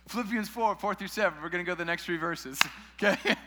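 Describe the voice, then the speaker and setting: A man's voice: sits high, fast, background noise. A man preaching a sermon in a casual way, with joking asides to his listeners. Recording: long hall reverb.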